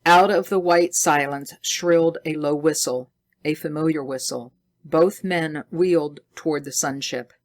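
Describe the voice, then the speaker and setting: A woman reading a science fiction story aloud slowly and deliberately for English learners. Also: low voice.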